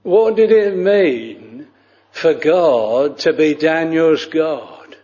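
A man preaching a sermon, slow and solemn, with old-fashioned scriptural phrasing, on a dull lo-fi recording. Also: fairly high pitch, animated, mellow, big-room sound.

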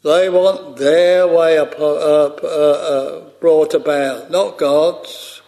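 Slow, deliberate man preaching. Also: a little high, steady tone, vocal fry, mellow. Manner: slow, measured preaching with archaic scripture phrasing. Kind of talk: sermon.

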